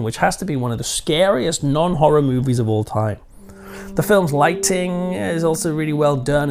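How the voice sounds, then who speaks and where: A middle-aged man reviews a film in a relaxed, rambling way, often pausing on ums and restarting his sentences. His voice sits at an ordinary middle pitch, and quiet music plays faintly behind him. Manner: chatty and digressive, with ums and restarts.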